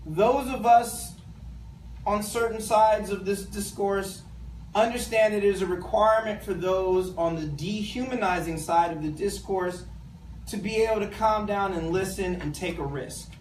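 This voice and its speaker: A high-voiced education professor, appearing as a guest speaker, gives a community talk to a live audience at a measured pace. He speaks emphatically and colloquially, addressing the crowd directly. The room is echoey, the mic distant, with slight background noise.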